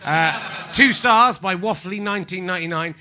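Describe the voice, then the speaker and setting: A man's voice: high voice, normal speed, sharp tone. A man hosting a live comedy podcast, rambling and self-mocking in front of an audience. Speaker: podcast host.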